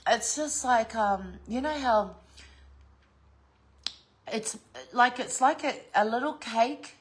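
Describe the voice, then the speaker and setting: Chatty New woman vlogging. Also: on the high side. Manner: chatty, swears freely, laughs often. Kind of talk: casual unboxing chat.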